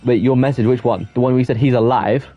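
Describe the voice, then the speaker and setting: A young man streaming a game, chatting loosely with his viewers and getting quickly exasperated at teammates, with many restarts. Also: medium pitch, steady tone, highs cut off, soft background music. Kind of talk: casual live-stream chat while gaming.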